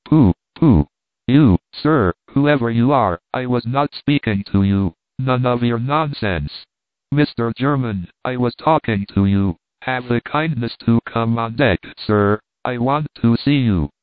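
A man voicing a fussy, timid ship captain who talks pettishly, fast and repeats himself, on a tinny, dry recording. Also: medium pitch, no echo, natural voice. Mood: fussy, flustered. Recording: tinny phone-like dry sound.

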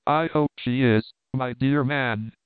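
A man's voice: medium pitch, slow, clean tone, no room sound, lightly acted. A man voicing a frantic, tearful middle-aged woman companion who pleads in an agitated, breathless way. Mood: distraught. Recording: dry, phone-like narrow sound.

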